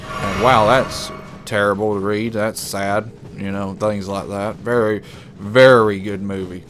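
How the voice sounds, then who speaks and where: A man's voice: lowish voice, level tone, unhurried, over music. A man giving casual live commentary while playing a video game, rambling emotionally and repeating himself. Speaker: gameplay commentator.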